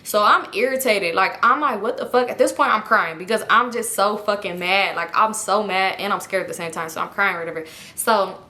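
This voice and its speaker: A young woman telling a personal story in a casual, animated way, swearing freely and talking straight to her viewers. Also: medium pitch, brisk, few pauses. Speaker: storytime vlogger.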